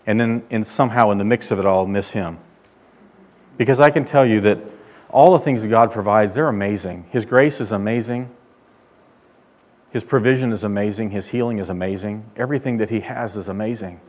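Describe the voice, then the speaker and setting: A male pastor delivering a sermon, emphatic, rising and getting louder when he quotes God. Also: on the low side, a little fast. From California. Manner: emphatic preaching, loud when quoting God.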